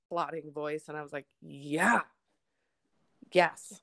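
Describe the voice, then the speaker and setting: A woman's voice: low-pitched, a little slow, gravelly, long pauses. A young woman co-hosting a podcast, chatting casually and telling a story with lots of swearing. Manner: swears a lot, animated storytelling. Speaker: podcast co-host. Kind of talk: casual chat.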